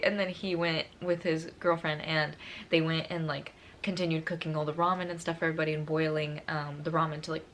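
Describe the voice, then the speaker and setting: A woman's voice: low voice, little pitch movement, a little fast, fairly bright tone, a little hiss or hum. A young woman vlogger telling a personal story in a casual, gushing and emotional way, full of fillers.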